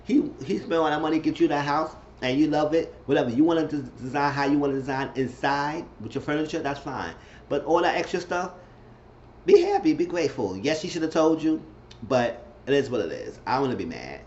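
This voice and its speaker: A man's voice: medium pitch, sing-song, brisk, darkish tone, highs cut off. A man casually recapping a reality show episode, repeating himself and acting out what the cast said. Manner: chatty, repeats himself, acts out quotes in shifting voices.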